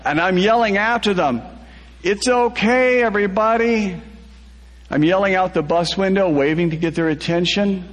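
A man's voice: high-pitched, fairly quick, few pauses, big-room sound. A man reading a first-person story aloud, laughing through the telling.

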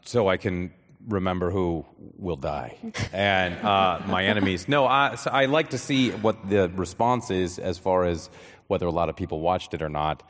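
A man as a guest on stage, chatting casually with deadpan, self-deprecating jokes and halting restarts. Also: low-pitched. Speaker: guest actor. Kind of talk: casual interview chat. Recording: live hall reverb.

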